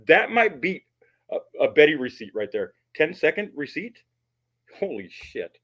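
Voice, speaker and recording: A man's voice: fairly high pitch, sing-song, normal speed, a bit bright. A man hosting his channel and giving blunt, mocking commentary on a recorded call, swearing often. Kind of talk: profane commentary.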